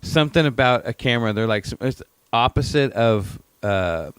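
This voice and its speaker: A man's voice: mid-range voice, animated, normal speed, clear, resonant tone, no room sound. A man co-hosting a podcast, joking around in casual banter and often restarting his sentences. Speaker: podcast co-host. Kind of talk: casual chat.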